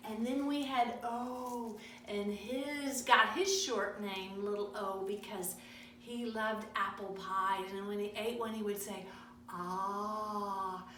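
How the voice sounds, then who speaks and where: A woman teacher reading stories aloud to young children in a sing-song, animated way. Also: medium pitch, slow. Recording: echoey room, from far off, faint noise.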